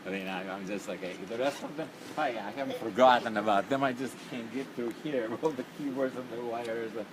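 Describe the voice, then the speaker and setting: A man's voice: medium pitch, fairly quick. A middle-aged bandleader, chatting casually and laughing often as he greets his band on a concert stage before sound check. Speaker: bandleader and musician. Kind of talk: casual backstage video chat. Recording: loud background noise on stage.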